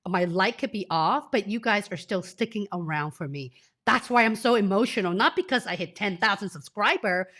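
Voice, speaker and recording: A woman's voice: medium pitch, moderate pace, a bit bright. Emotional woman career coach, under the weather. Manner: emotional, effusive, talks straight to the audience. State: sick, sniffly, tearful. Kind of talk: live-stream talk to viewers.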